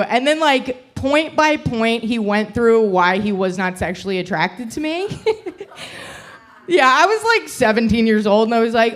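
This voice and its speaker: A woman's voice: fairly high pitch, animated, measured pace. A young adult woman performing a brash, crude stand-up set, often laughing at her own jokes. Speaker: stand-up comic.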